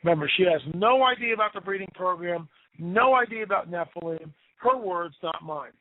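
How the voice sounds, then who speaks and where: A man's voice: high voice, fairly quick, no echo. Man telling eerie stories over a tinny phone line. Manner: animated, tells spooky stories with emphatic repetition. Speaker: radio guest storyteller. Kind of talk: casual storytelling on talk radio.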